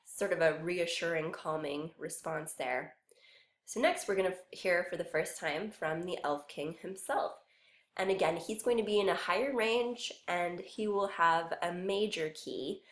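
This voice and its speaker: A woman's voice: lowish voice, measured pace. A woman teaching a music lesson, patiently explaining each point step by step. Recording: roomy echo.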